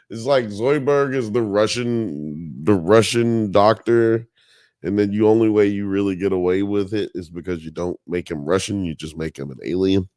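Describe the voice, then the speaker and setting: A man's voice: on the low side, moderate pace, a little mellow, no echo, studio quality. A man hosting a podcast live stream, chatting casually in a profane, joking, rambling way. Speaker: podcast host.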